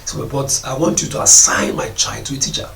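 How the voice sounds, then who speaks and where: A man's voice: mid-range voice, brisk, vocal fry, a bit bright, slight background noise. A man giving a preaching talk to parents about responsibility, scolding them and mocking their excuses. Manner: scolding, mocks parents in put-on voices. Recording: echoey room, voice from a distance.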